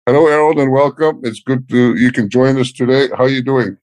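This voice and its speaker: A man's voice: medium pitch, fairly even intonation, brisk, darkish tone, dry recording. Man hosting a podcast interview. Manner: reads the intro steadily, then asks questions with fillers. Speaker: podcast host. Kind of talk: scripted intro and interview questions.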